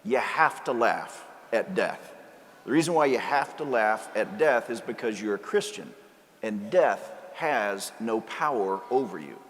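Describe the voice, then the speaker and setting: A man's voice: lowish voice, lively intonation, measured pace, a bit bright. A male priest giving a sermon, telling a joke story and then preaching earnestly. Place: large cathedral. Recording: cathedral reverb, faint ambience.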